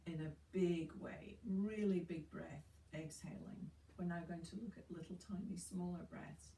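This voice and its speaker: A woman guiding a chair yoga session, giving slow, soothing breathing instructions with gentle encouragement. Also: fairly low pitch, a little hiss or hum. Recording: roomy, distant mic with faint ambience.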